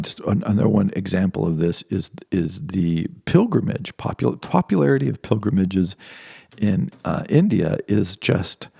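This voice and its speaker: A man's voice: fairly low pitch, gravelly, dark tone, husky, no echo, studio quality. A middle-aged man giving an informal lecture, rambling with many restarts and playfully acting out imagined speakers.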